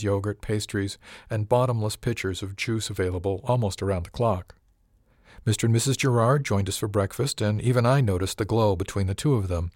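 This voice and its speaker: A man narrating a first-person story in a measured way, giving characters light voices. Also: lowish voice, a little mellow, no echo, studio quality. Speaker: audiobook narrator.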